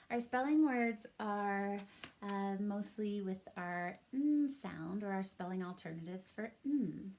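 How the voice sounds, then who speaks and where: A woman teacher leads a recorded reading lesson for her class. She talks at an unhurried, deliberate pace and spells words out letter by letter with patient care. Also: a little high.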